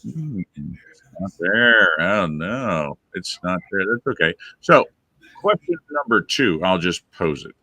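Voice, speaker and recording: Deep-voiced man hosting a lively chat. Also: slow pace, vocal fry, no echo. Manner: leads the discussion and poses questions to guests and viewers. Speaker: podcast host. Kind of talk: live fan chat show.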